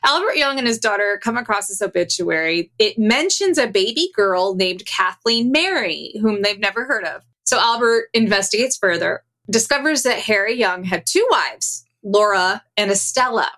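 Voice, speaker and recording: A woman hosting a comedy podcast, casually recapping a story with laughs and animated retelling. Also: mid-range voice, moderate pace, hardly any pauses. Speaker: podcast host.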